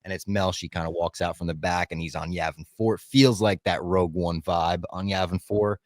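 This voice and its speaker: Low-voiced man gushing on a podcast. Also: steady tone, fairly quick, no echo, studio quality. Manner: enthusiastic, profane, acts out quoted lines. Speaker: podcast co-host. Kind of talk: casual podcast chat.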